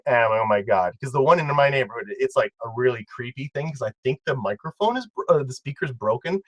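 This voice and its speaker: A man co-hosting a casual video commentary, talking in a rambling, excitable way with many restarts. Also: medium pitch, fast talker, no echo, lo-fi sound. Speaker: co-host and video editor.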